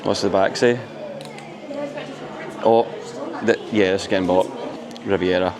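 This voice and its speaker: A man's voice: sits low, a little slow, crowd noise. A man, gushing and laughing as he vlogs a resort visit. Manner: excitable, gushing, laughs often. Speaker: vlogger. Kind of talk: casual vlog narration. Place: resort, indoors.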